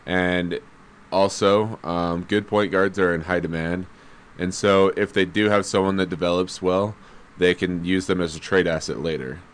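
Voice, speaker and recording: A man in casual sports chat, explaining his view in a measured way with frequent fillers. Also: low-pitched, steady tone.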